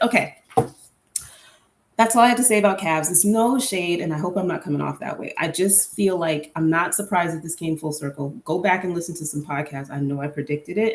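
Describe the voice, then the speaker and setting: A woman's voice: lowish voice, a little mellow, roomy sound. A young adult woman hosting a casual solo podcast, chatty and candid with an opinionated, filler-heavy way of talking. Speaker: podcast host.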